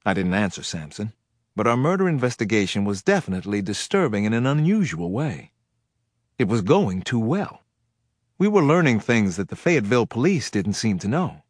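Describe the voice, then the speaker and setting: Husky male thriller narrator. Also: mid-range voice, no echo, studio quality. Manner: measured, dramatic storytelling. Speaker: audiobook narrator. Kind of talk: first-person thriller narration.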